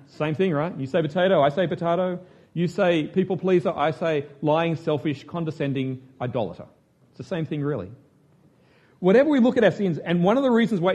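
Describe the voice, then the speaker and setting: A man's voice: high voice, dark tone, husky. A man preaching a conversational sermon, self-mocking and chatty, often asking his listeners questions.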